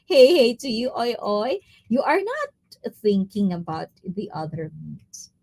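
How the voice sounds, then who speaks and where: A woman from the Philippines, chatting casually on a live stream, greeting viewers by name and easily getting excited and giggly. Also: medium pitch, measured pace. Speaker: livestreamer reading chat.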